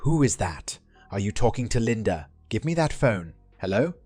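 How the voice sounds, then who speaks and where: A man's voice: on the low side, sing-song, moderate pace, a little mellow, husky, no room sound, faint music behind. A man voicing an angry older father who scolds his daughter harshly. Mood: furious.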